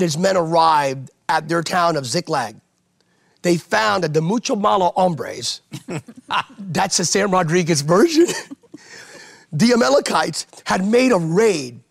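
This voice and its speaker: A man's voice: fairly high pitch, vocal fry. A man, a pastor, preaching in an impassioned sermon style within a conversation, driving points home with emphatic repetition. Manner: emphatic, repeats phrases for rhetorical effect.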